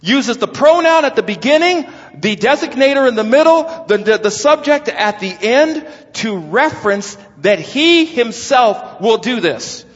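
A man's voice: very high-pitched, big pitch swings, unhurried, hardly any pauses. A man preaching an expository sermon, emphatic and exclaiming as he explains a text. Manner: emphatic, exclaims and stretches words. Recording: lo-fi with long hall reverb.

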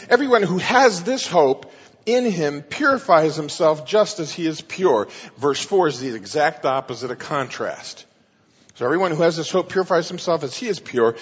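A man's voice: a little high, breathy edge. A man preaching a sermon, teaching through Bible verses with emphatic stress. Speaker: pastor. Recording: muffled sound with long hall reverb.

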